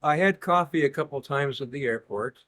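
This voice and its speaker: A man's voice: medium pitch, moderate pace, fairly bright tone. Dry-humored man telling rambling stories. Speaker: interview guest. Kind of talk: casual conversation.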